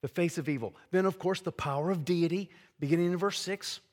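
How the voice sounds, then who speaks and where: A man's voice: high-pitched, brisk. A man preaching an expository sermon in an earnest, conversational way, often restarting phrases and adding asides.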